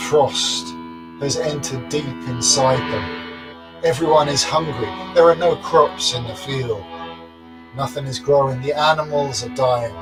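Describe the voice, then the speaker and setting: A man telling a folktale aloud in a slow, rhythmic and dramatic manner. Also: medium pitch. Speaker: storyteller.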